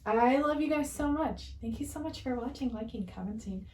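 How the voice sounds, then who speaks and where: A tired woman with a slightly high, somewhat mellow voice and lively intonation reads channeled messages at a normal pace. She chats casually to viewers, rambling, giggly and self-mocking, sounding distant from the mic in a roomy echo.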